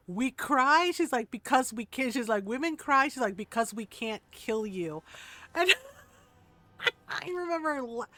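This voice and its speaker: A woman's voice: a little high, fairly bright tone. A woman streamer chatting casually while gaming, laughing often and acting out quotes.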